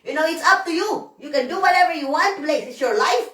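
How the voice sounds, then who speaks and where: Woman vlogger, high voice, hoarse, swearing and rambling, echoey room. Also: brisk, fairly bright tone, far from the mic. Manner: profane, rambling, emphatic. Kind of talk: emotional rant to camera.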